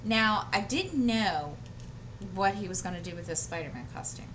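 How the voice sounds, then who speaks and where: A woman's voice: mid-range voice, lively intonation, moderate pace, fairly bright tone, slight background noise. A woman chatting casually to her channel while she crafts, rambling through a story with many fillers and restarts. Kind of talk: casual chat while diamond painting. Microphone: desk microphone.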